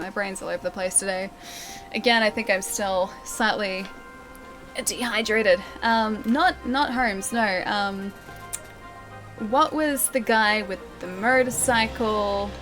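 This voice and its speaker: A woman's voice: medium pitch, unhurried, fairly bright tone, soft background music. A young woman livestreaming a game, chatting casually and giggling as she reads her chat aloud. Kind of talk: casual live-stream chat.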